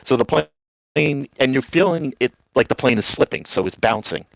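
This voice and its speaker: A man's voice: medium pitch, moderate pace, creaky, dry recording, low-quality recording. A man from New Jersey calling in, telling rambling stories in a casual way and acting out the voices in them. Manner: rambling, animated, acts out voices in anecdotes. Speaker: caller. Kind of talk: casual storytelling on a call.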